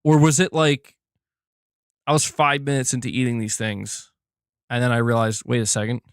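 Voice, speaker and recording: A man's voice: mid-range voice, normal speed, clear, resonant tone, no room sound, clean studio sound. A man hosting a casual livestream, joking, laughing often and rambling as he reads chat. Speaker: livestream host.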